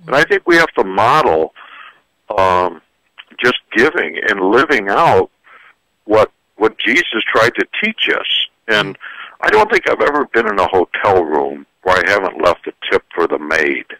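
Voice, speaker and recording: An older man speaks in a low but very lively voice, swinging up and down as he tells folksy, joking stories. His tone is bright and forceful, and the sound is dry and close. He talks as a guest psychologist on a radio show. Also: no echo, rough recording. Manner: folksy, joking, animated storyteller. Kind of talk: radio interview, storytelling advice. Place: radio studio.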